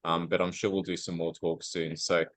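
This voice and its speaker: A man's voice: deep voice, flat delivery, normal speed, rough recording. A man hosting a community talk, thanking the presenter in an upbeat, informal way. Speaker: community event host. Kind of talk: closing thanks at a live talk.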